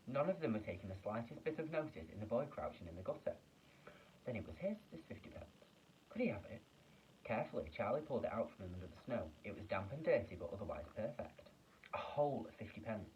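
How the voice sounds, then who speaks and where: Lively man reading a children's book. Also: fairly low pitch, fast talker, distant mic, muffled recording, slight background noise. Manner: expressive storytelling with small slips. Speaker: teacher reading aloud. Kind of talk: children's book read-aloud.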